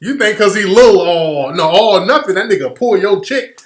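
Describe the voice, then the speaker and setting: A man telling profane comic stories in a loud, riffing podcast chat. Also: high-pitched, expressive, fairly quick. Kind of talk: comedic storytelling on a podcast. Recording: roomy studio echo.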